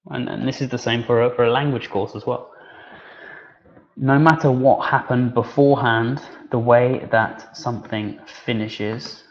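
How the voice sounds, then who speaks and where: A man leads an online teacher-training session, talking in a loose, conversational way. He fills his pauses and restarts his sentences as he goes. His voice sits at an ordinary middle pitch, and the webinar audio comes through a little dull. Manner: relaxed, conversational, with many fillers and restarts.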